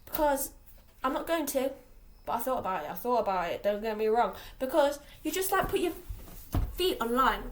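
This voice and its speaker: Teen girl vlogger from England, highish voice, scattered casual rambling. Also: animated, normal speed, a little hiss or hum. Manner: chatty, scattered, lots of fillers and restarts. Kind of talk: rambling casual vlog chat.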